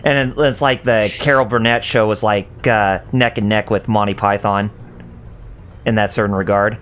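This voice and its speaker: A man's voice: fairly low pitch, fairly even intonation, moderate pace, fairly bright tone, slight background noise. A man co-hosting a casual gaming stream, joking around and dropping into silly voices. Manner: jokey, breaks into sung bits and silly voices. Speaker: co-host. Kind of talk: casual gaming commentary chat.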